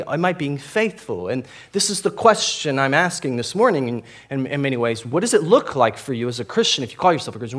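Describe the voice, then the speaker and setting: A young man preaching a sermon as pastor, candid and self-deprecating, talking casually with many fillers and restarts. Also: medium pitch. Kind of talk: conversational sermon.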